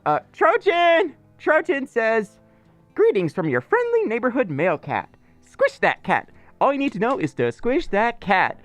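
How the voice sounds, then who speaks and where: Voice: mid-range voice, no room sound. A streamer from Mississippi, rambling in casual livestream chat and still coughing from being ill. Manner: rambling, playful, teasing. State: lingering cough.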